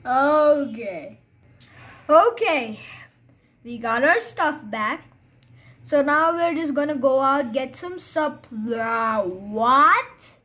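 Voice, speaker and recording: A woman giving live, chatty gameplay commentary, excitable and full of fillers. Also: high voice, slow, pauses often. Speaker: gamer.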